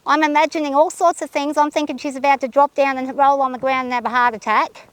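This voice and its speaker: A woman riding a horse outdoors, talking her nerves out loud and soothing her mount in a casual vlog. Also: high-pitched, fairly even intonation, fast talker, dry recording. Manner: anxious, thinking aloud, soothing her horse. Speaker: horse rider vlogger. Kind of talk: casual narration while riding. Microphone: camera held by a companion.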